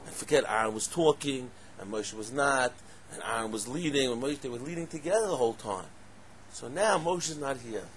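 A man giving a lively Torah class, asking rhetorical questions and breaking into loud exclamations. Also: mid-range voice, normal speed, a little hiss or hum. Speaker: Torah teacher.

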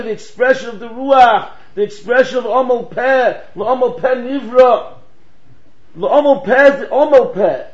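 A man giving a Torah lecture in American English laced with Yiddish and Hebrew words, telling stories in an animated way and acting out the voices in them. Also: very high-pitched. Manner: animated storytelling, acts out quoted voices. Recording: echoey room, dull lo-fi sound.

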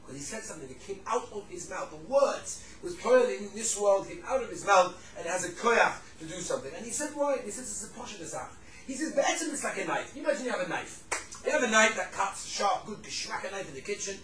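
A man giving a Torah class to a room of listeners, telling stories with lively swings between loud emphasis and hushed tones. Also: high-pitched, fast, reverberant, far from the mic, a crowd in the background, low-quality recording. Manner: animated storyteller, drops to hushed tones for the sad parts.

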